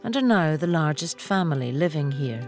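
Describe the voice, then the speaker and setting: A woman narrating her own documentary in a calm, personal storytelling way. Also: deep voice, normal speed. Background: music.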